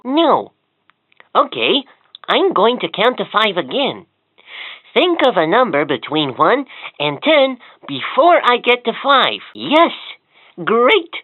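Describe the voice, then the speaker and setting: A sing-song talking toy. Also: female voice, mid-range voice, no room sound. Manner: sing-song, encouraging, giggly, joke-telling. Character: cheerful chatty talking learning toy. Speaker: voice of a children's educational toy. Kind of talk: scripted toy voice lines. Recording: tinny, dry toy speaker audio.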